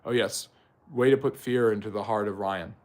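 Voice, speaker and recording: A man's voice: lowish voice, normal speed. A man hosting a live history Q&A stream. He answers viewers by name and explains at length, with frequent ums and self-corrections. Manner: talks directly to chat viewers by name. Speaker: history channel host.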